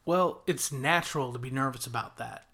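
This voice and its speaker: A man reading aloud and voicing a gentle young man who comforts a friend, in a soothing, earnest way. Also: mid-range voice, normal speed, gravelly, slightly rough. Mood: reassuring.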